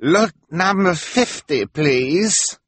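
A man doing a treacherous auctioneer with a raised, slow voice, feigning broken English with exaggerated politeness. The delivery is husky and drawn out, recorded dry and close. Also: high voice, animated, a bit bright, no room sound, voice pushed up, heavily acted. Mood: scheming. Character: sly scheming foreign male auctioneer.

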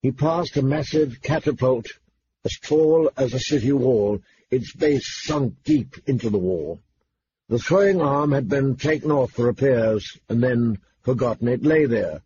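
A man narrates a novel as an audiobook reader, telling the story in a steady, measured way from a script. His voice is medium-pitched, and the recording sounds dull and lo-fi with faint hiss.

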